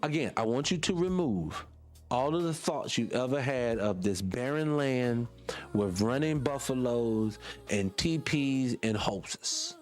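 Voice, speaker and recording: A man with a Southern US accent hosting a radio show, talking off the cuff in an animated, preachy way, firing rhetorical questions and swearing casually. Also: medium pitch, measured pace, faint music behind. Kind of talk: off-the-cuff monologue.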